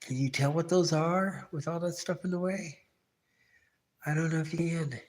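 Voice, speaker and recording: This livestream host speaks with a slightly high, steady, somewhat mellow voice at a moderate pace. Alone in his home garage with a phone camera, he rambles casually and keeps asking absent viewers questions.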